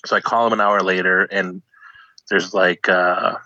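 Bright-voiced man telling a comic story. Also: deep voice, measured pace, dry recording. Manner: animated, acts out voices of people in the story. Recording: dull lo-fi dry recording.

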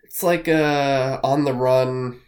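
A man co-hosting a podcast, chatting casually in a rambling, excitable way with plenty of swearing. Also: mid-range voice, takes it slowly. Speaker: podcast co-host. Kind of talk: casual chat.

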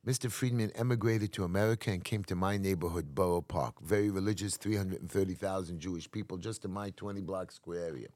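Male New community activist, interview guest; low-pitched, emphatic storyteller, dry recording. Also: quick pace, few pauses, darkish tone, no room sound. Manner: emphatic, acts out quotes, restarts often.

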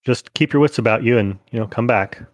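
A man voicing a quiet, reserved former scavenger who asks short, caring questions. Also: mid-range voice, a little fast, no echo, close to an everyday voice.

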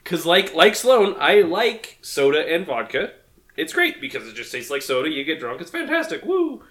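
A man's voice: fairly high pitch, big pitch swings, normal speed, fairly bright tone. A man co-hosting a casual podcast, sardonic and griping, swearing freely. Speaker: podcast co-host. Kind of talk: casual chat.

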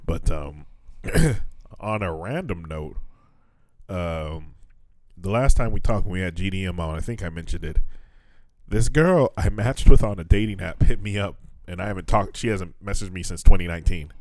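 A man's voice: sits low, animated, normal speed, a little mellow, no room sound. A man in his thirties co-hosting a casual podcast, swearing freely and acting out what people said. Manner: profane storyteller, acts out quoted voices. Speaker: podcast co-host. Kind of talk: casual chat. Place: lives in Fukuoka, Japan.

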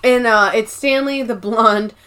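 Woman podcaster, kinda high voice, rattles through episode recaps fast and animated. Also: clear, resonant tone. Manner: quick, animated storytelling with acted-out quotes. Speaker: podcast co-host. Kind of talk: casual recap chat.

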